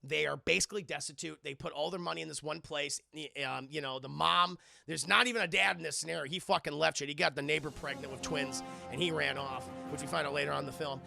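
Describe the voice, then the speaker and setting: A man reviewing a film live and chatting with his viewers, rambling, swearing and animated. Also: a little high, fast talker, gravelly, hardly any pauses, soft background music. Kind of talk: casual chat with a live audience.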